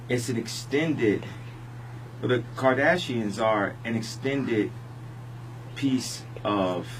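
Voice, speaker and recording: A man being interviewed on the radio, talking in a halting, rambling way full of restarts. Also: lowish voice, a bit bright, a little hiss or hum, rough recording. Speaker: interview guest. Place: radio studio.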